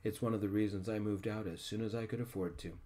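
Deep soft-spoken male storyteller. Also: steady tone, fast. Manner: soft, gentle. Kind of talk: soft-spoken ASMR narration.

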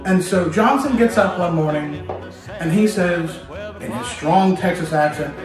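A man hosting a history video, telling a story lively and speaking straight to the listener in a playful way. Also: fairly high pitch, measured pace. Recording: very echoey room, distant mic, music behind.

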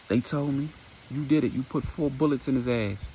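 A man's voice: medium pitch, moderate pace, mellow, slight background noise, pitched above the performer's own voice, natural voice, poor audio. A man voicing an angry young man who accuses someone at gunpoint. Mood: accusing. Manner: accusing, hot-headed.

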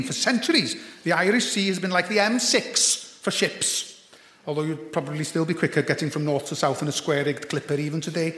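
A man's voice: a little high, fairly bright tone. A man telling comic stories, with wry, dry asides. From Anglesey, Wales. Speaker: comedian host. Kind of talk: stand-up comic storytelling. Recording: echoey hall with long reverb.

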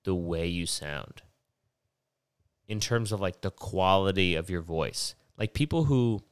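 A man's voice: deep voice, expressive, unhurried, smooth, dry recording. A young man hosting a podcast while sick with a stuffy, nasal voice, rambling casually and swearing often. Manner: rambling, profane, digressive. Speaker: podcast host.

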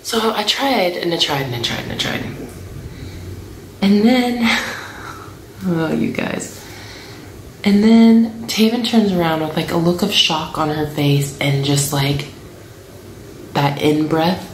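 A woman in her thirties telling a family travel story to camera in a chatty, animated way, acting out what people said. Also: lowish voice, slow, pauses often, reverberant, slight background noise, poor audio. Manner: chatty, animated, acts out quotes.

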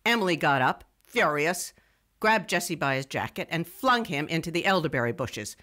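A wry, self-mocking young radio writer, telling her own story in scripted first-person narration. Her voice is bright and forward, and she tends to wander off into digressions. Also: deep voice, expressive, moderate pace.

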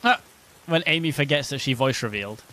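A man's voice: mid-range voice, expressive, fairly quick, pushed and bright, slight background noise. A man streaming a game, chatting casually and joking with his viewers. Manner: joking banter with chat. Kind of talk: casual live-stream chat.

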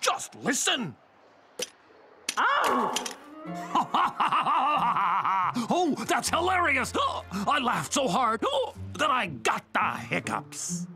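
An actor voicing a cheerful, excitable male monster who loves necklaces in a children's cartoon. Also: very high voice, slow, full character voice. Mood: giggly storytelling. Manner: excitable, laughs a lot, gravelly. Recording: cartoon soundtrack with music.

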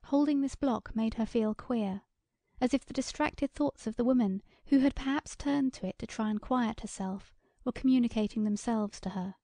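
A woman narrating a short story as an audiobook reader, in a measured, even delivery. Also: fairly high pitch, no echo. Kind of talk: scripted narration.

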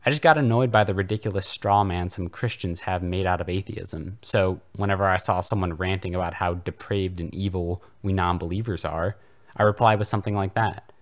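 A man's voice: low-pitched, fairly even intonation, a little fast. A man voicing a whiny, defensive adult male atheist troll in a comedic fanfiction reading. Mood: explaining.

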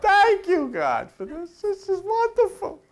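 A man voicing a doting elderly woman, gushing in a high falsetto. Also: huge pitch swings, a little slow, exaggerated voice.

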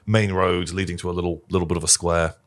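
A man narrating a tabletop game as game master in a relaxed, rambling way. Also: low-pitched, fast talker.

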